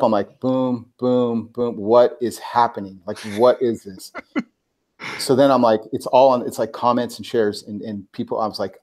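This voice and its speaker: A man, a guest on a talk show, telling a personal story in casual, animated talk, full of filler words and acted-out quotes. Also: mid-range voice. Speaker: guest, personal branding expert.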